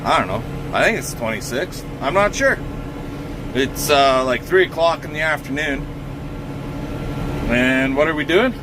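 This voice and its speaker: A man's voice: on the high side, expressive. A man who hosts a farm channel, chatting casually and rambling with lots of filler words while outdoors on his farm. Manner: laid-back, rambling, drawn-out filler words. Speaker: farmer and channel host. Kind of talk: casual vlog chat. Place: outdoors on a farm, in and around farm machinery. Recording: noisy outdoor farm recording. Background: engine and outdoor noise.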